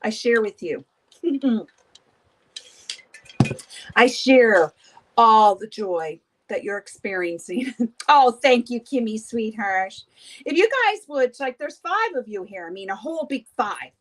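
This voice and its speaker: A woman's voice: fairly high pitch, sing-song, slow pace. A woman hosting a beauty livestream, chatting casually with viewers while doing her makeup, gossipy and often laughing.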